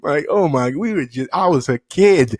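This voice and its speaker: A man telling a childhood story to his audience in a loose, animated way, laughing often and jumping into the voices of the people in it. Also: a little high, normal speed, no echo, studio quality. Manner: loose and profane, addressing the audience directly. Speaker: storytime vlogger. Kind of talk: casual storytelling.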